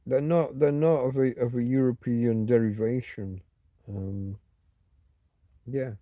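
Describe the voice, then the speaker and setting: Guy chatting away on his livestream, mellow voice, dry close sound, wanders all over the place. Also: medium pitch, steady tone, takes it slowly, no room sound. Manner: meandering, answers viewer comments. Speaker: livestream host. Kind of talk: casual rambling chat with viewers.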